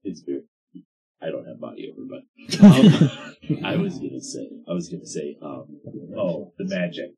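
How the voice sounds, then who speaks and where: Deep-voiced playful man at a game table. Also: wildly swooping pitch, moderate pace, mellow, poor audio. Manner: playful, laughing, often stammers. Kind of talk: casual role-play banter.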